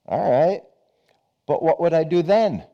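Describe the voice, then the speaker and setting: A man voicing a calm, contented fisherman. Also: fairly high pitch, unhurried, gravelly, lo-fi sound. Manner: calm, matter-of-fact. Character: contented relaxed male fisherman, unhurried.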